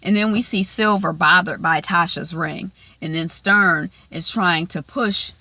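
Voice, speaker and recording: A woman's voice: on the low side, measured pace, hardly any pauses, bright, forceful tone, no echo. A woman casually recapping a TV episode, chatty, with lots of "um" and "like", acting out the characters' lines. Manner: chatty, frequent "um" and "like", acts out quoted lines.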